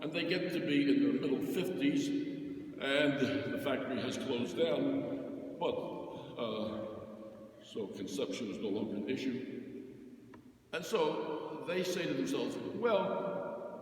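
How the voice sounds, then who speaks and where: A man preaches a sermon as a Catholic priest, his mid-pitched voice rising to loud declarations and dropping to soft asides. He is picked up from a distance, with a long, booming church reverb around every word. A faint hiss of room noise sits underneath. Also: lively intonation, slow pace, long pauses. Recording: very echoey church from far off.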